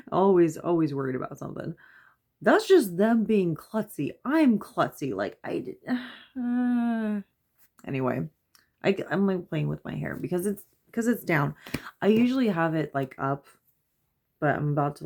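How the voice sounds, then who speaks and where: A mother and vlogger in her thirties, with a notably low voice and vocal fry, chats at home before bed in a loose, rambling vlog. She laughs a lot and livens up whenever she quotes herself.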